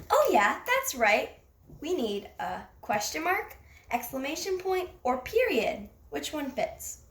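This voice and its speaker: A young girl leading a kids' writing lesson, sounding out each word slowly and carefully. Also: sits high, sing-song. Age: child. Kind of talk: classroom writing lesson for kids. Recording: echoey room, faint noise.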